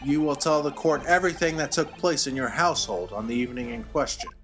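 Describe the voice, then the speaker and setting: A man's voice: medium pitch, fast, fairly bright tone, soft background music, close to an everyday voice. A man voicing a stern older judge, formal and commanding, as he reads game dialogue aloud.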